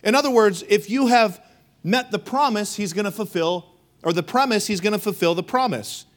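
A man preaching a sermon, emphatic and rhythmic, calling on the congregation to respond and swinging between loud and hushed delivery. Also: high-pitched, normal speed. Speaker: pastor.

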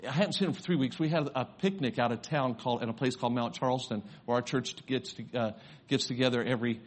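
A man's voice: mid-range voice, fast talker. An older man, a grandfather and pastor, preaching a sermon, telling a personal story and rising to fervent preaching.

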